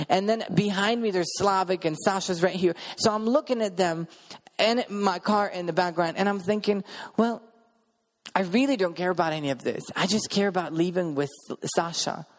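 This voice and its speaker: A man's voice: high-pitched, long reverb tail. A man preaching a sermon, earnestly telling a personal story in vivid present tense. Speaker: preacher sharing a testimony.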